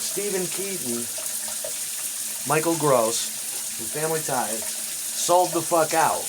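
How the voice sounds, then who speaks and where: A man's voice: fairly high pitch, animated, slow pace, noisy background. A man ranting in a rambling, profane monologue, swearing heavily and chuckling between complaints. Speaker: vlogger.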